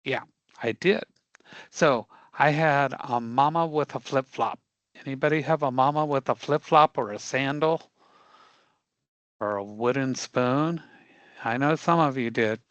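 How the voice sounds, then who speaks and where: A man's voice: mid-range voice, fairly bright tone, no echo. Panamanian man teaching with a Spanish accent. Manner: repetitive, checks in with frequent "okay?". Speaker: instructor. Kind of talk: live online class instruction.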